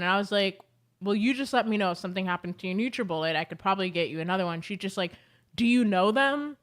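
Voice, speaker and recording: A young woman talks casually to her viewers in a chatty, animated way. Her voice sits at a medium pitch, and she leans on easy filler words as she tells her stories. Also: fast. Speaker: beauty vlogger. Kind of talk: casual chat to camera.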